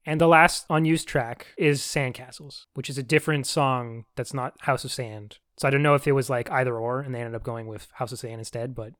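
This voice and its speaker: A man co-hosts a relaxed podcast in a middle-pitched voice, rambling and joking his way along. The sound is dry and close, with no room around it. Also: brisk, few pauses, no room sound. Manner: chatty, jokey, rambling with fillers. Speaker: podcast co-host. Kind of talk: casual chat.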